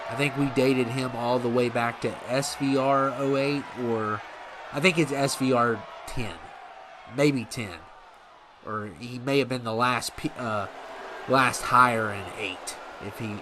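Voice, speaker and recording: A man's voice: medium pitch, fairly even intonation, unhurried, background noise. A man giving casual, rambling commentary on a video game wrestling series, often correcting himself as he goes. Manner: rambling, self-correcting, laid-back.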